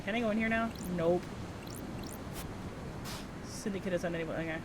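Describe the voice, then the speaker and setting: A woman's voice: fairly low pitch, moderate pace, heavy background noise. A woman streaming a video game, chatting casually and playfully, swearing now and then and reading dialogue aloud. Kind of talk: casual chat while playing a video game. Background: game music.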